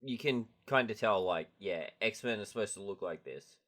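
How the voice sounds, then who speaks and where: A man's voice: lowish voice, expressive, normal speed, a bit bright. A man co-hosting a podcast in casual chat, easygoing and a little hesitant, with lots of fillers. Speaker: podcast co-host.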